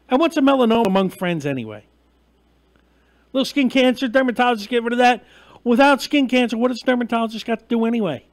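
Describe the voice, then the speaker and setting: A man rants through a live-stream monologue, profane and mocking, swinging between loud heated outbursts and easy asides to viewers. His voice sits very high for a man. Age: 40s. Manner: ranting, profane, mocking and emphatic; gets loud and heated, then drops back to chatting with viewers. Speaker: host of a live online show.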